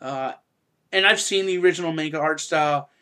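A man hosting a casual podcast review, chatty and quick to laugh, sometimes breaking into loud silly impressions. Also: on the high side, clean tone. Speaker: podcast host reviewing an anime.

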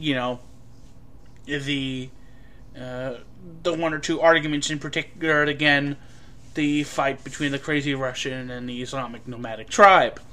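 A man giving a casual, rambling film review, full of fillers and an animated delivery. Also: a little high.

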